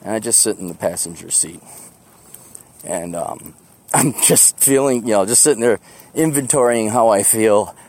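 A man's voice: lowish voice, normal speed, a little mellow. Rambling chatty man talking outdoors. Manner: rambling, chatty, self-deprecating, laughs often. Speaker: podcast host. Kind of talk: rambling walk-and-talk monologue. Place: outdoors on a street, walking to a bus.

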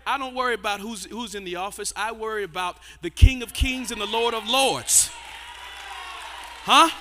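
A man preaching and praying in church, shouting and half-singing his phrases, often stammering and repeating words. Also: high-pitched, moderate pace, noisy background. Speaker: pastor. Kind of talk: fiery sermon and prayer.

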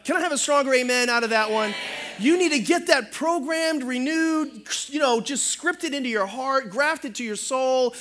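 A middle-aged male pastor preaching a sermon in an animated, humorous way, calling out for amens. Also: very high voice, normal speed.

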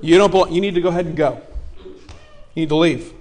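A man's voice: fairly high pitch, brisk, a little mellow, natural voice. A man putting on a big, intimidating male security guard who gives curt, dismissive orders. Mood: stern.

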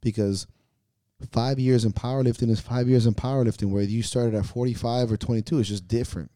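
A man hosting a podcast and talking candidly as a coach, earnest and profane, questioning himself with sighs and trailing pauses. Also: medium pitch, steady tone, warm tone, no room sound.

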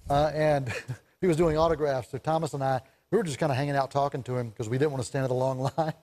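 A man co-hosting a casual talk show about movies, chatty and animated, laughing often as he tells stories. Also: medium pitch, quick pace. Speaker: co-host, film reviewer.

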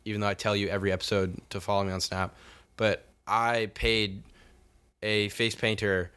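Bright-voiced young man telling stories. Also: on the low side, little pitch movement, moderate pace, clear, resonant tone. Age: young adult. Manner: rambling, profane storytelling with lots of fillers. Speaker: podcast co-host. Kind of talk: casual chat.

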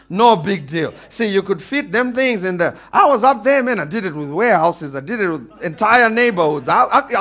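A man preaching a sermon to a congregation, animated, calling for amens and building to emphatic peaks. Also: high voice, normal speed, few pauses. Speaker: pastor.

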